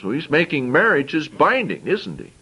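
A man's voice: a little high, wildly swooping pitch, normal speed, bright, forceful tone, breathy edge, rough recording. Man preaching, scripture and plain asides. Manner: reads verses aloud, then explains in plain conversational asides; repeats words and restarts phrases while thinking aloud. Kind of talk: sermon with scripture reading.

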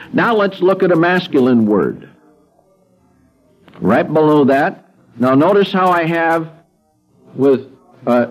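A man leads a Greek grammar lesson at an unhurried pace, stopping to ask "okay?" as he works through a worksheet. His slightly high voice swings through a wide, animated range. Faint music plays in the background. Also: highs cut off. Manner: patient, repeats words slowly, checks in with "okay?". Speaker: Greek teacher. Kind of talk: classroom lecture walking through a worksheet.

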